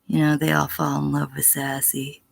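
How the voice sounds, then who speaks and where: A woman's voice: deep voice, little pitch movement, normal speed, no echo. A middle-aged woman on a casual livestream answering chat, blunt and profane, sometimes dropping to a whisper. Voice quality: gravelly, husky.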